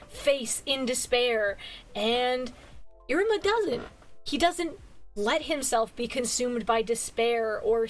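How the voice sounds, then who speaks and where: A tired woman streamer recapping a manga in casual chat, gushing, laughing often and swearing freely. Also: a little high. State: tired, yawning. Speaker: virtual streamer reviewing manga.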